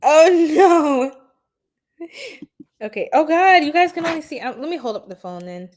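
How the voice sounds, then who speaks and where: A woman hosts an astrology livestream and talks straight to her chat in a loose, giggly way. Her voice sits a little high, and she stretches her words out slowly. She sounds easily flustered and chatty. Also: lively intonation, darkish tone. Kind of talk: casual livestream chat with viewers.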